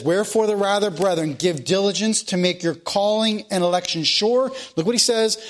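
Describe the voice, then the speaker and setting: A man with a high-pitched voice preaches a sermon. He puts questions to his listeners and answers them himself. He also reads scripture aloud. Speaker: pastor.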